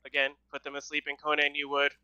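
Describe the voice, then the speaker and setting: Guy w/ really bright crisp voice, hesitant player, kinda dull mic. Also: fairly high pitch, completely flat delivery, fast talker, no room sound. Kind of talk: casual in-character play.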